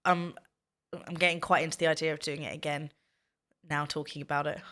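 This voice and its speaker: Woman, thirties, low-pitched voice, casual streamer chat, chatty storyteller. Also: level tone, fairly quick, sharp tone.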